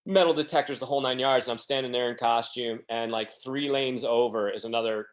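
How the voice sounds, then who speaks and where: A man's voice: mid-range voice, fairly even intonation, a little fast. A man telling rambling, self-deprecating stories as a podcast guest, acting out the quotes of other people. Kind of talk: casual storytelling.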